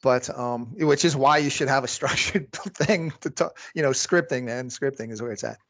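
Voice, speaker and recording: A man's voice: medium pitch, moderate pace. A man who coaches jiu-jitsu, chatting casually on a podcast, rambling with lots of fillers and frequent laughs.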